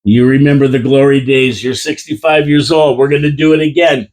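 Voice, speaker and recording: A man's voice: mid-range voice, fairly even intonation, fairly quick, a little mellow. A man co-hosting a casual hockey chat from a radio studio, making emphatic, confident predictions. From Canada. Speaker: podcast co-host.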